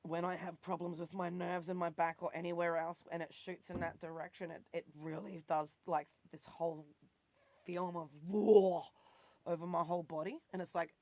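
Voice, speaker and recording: A woman's voice: lowish voice, little pitch movement, a little fast, few pauses, no echo. A woman talking in a raw, emotional confessional vlog and swearing freely. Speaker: vlogger.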